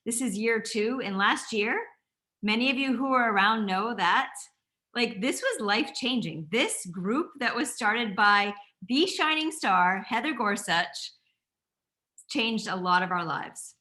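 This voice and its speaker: Woman from Maine, quick enthusiastic talker, bright tense edge to her voice. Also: fairly high pitch, expressive. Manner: fast-talking, enthusiastic. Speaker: panelist. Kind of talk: casual group call.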